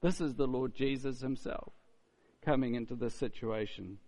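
A man's voice: mid-range voice, normal speed, a little mellow, big-room sound, low-quality recording. A man preaching a conversational sermon, asking the listeners rhetorical questions and acting out the voices he quotes. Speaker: pastor.

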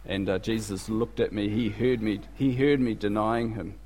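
A man's voice: lowish voice, steady tone, normal speed, a little mellow, voice pushed down, lightly acted. Man voicing impulsive guy confessing, blunt casual tone, long church echo. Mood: rueful.

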